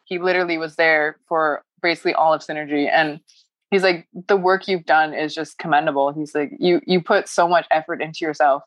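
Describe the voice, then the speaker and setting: A woman's voice: low voice, steady tone, fairly quick, no room sound. A woman talking about her personal growth as a coaching client, emotional and laughing often as she rambles. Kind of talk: casual heartfelt chat.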